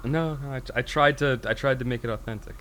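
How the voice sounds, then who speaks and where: A man's voice: mid-range voice, fast, fairly bright tone, a little hiss or hum. A man co-hosting a casual podcast chat, rambling and self-deprecating, laughing often. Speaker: podcast co-host.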